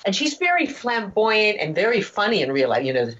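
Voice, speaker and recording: A woman's voice: mid-range voice, sing-song, moderate pace, a bit bright, muffled recording. A woman voice actor telling a story in a casual interview, rambling with many restarts and asides.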